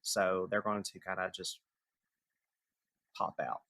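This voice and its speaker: A man's voice: deep voice, steady tone, takes it slowly, gravelly, sharp tone, dry recording. A man narrating a tabletop game as game master, casual and loose, with lots of "like" fillers.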